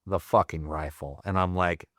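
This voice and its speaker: Deep-voiced man telling profane war stories. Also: steady tone, moderate pace, a bit bright, dry recording, clean studio sound. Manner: profane, rambling, full of "like" fillers. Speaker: podcast guest, Marine veteran. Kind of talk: casual storytelling.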